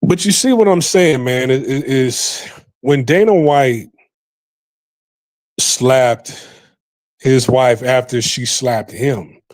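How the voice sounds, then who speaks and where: A man's voice: mid-range voice, slow pace, pauses often, darkish tone, no room sound. A man hosting a podcast, giving rambling, profane casual commentary and repeating himself often. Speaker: podcast host.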